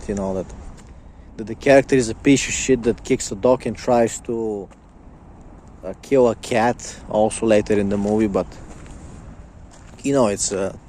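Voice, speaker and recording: A man's voice: lowish voice, dark tone, slight background noise. A man ranting as a podcast host, heated and profane, often stammering and repeating his words. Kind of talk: ranting monologue.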